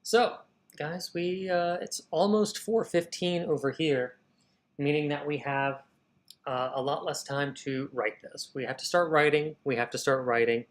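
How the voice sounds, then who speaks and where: Speaking a little slowly in a higher register, he runs a live writing stream, chatting casually, musing out loud with energy and addressing the audience as "y'all."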